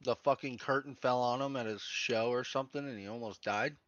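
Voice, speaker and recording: A man's voice: mid-range voice, fairly even intonation, brisk, fairly bright tone, no echo, muffled recording. A man cohosting a podcast in casual banter, joking, laughing often and swearing. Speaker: podcast co-host.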